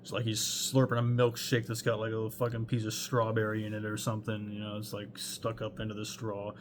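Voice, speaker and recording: Young man, low voice, rambling casual storyteller, swears a lot; faint hum underneath. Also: completely flat delivery, brisk. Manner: rambling, heavy on fillers and swearing.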